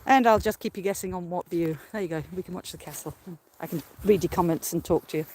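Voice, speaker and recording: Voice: medium pitch, fast, darkish tone. Breathless host chatting on a walk. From Australia. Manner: chatty, rambling, with frequent laughs. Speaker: host of a live stream. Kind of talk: casual live-stream chat while walking. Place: outdoors on a hill by a ruined castle.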